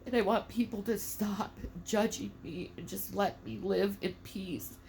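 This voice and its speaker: A woman's voice: medium pitch, fairly even intonation, measured pace, vocal fry, darkish tone. Middle-aged mother, emotional and defiant, swearing, teary; home-video monologue with faint background noise. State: tearful, emotional. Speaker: mother speaking out.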